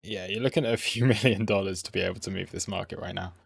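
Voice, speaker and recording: A man's voice: low voice, quick pace, vocal fry, husky, no room sound, clean studio sound. A man, chatting playfully on a live trading stream and talking at the price chart.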